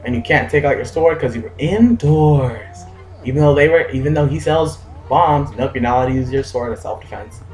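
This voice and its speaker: A man's voice: mid-range voice, fairly quick, darkish tone, echoey room, faint music behind, poor audio. Young man with dry gameplay asides. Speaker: let's play host. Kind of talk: casual gameplay commentary.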